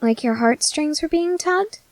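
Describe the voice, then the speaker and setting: A woman's voice: sits high, animated, a little slow, no echo. A woman voicing a food-obsessed teenage soldier girl in an ASMR audio drama, whiny and melodramatic. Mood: chatty. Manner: whiny, melodramatic, easily sidetracked.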